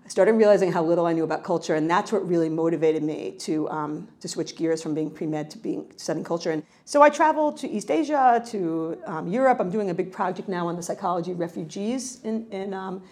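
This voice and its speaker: A middle-aged woman from New York, a researcher answering interview questions in a lively, conversational way, often restarting her sentences. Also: on the low side, fairly quick, hardly any pauses. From New York, United States. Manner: animated, frequent self-corrections and restarts. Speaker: cultural psychology researcher.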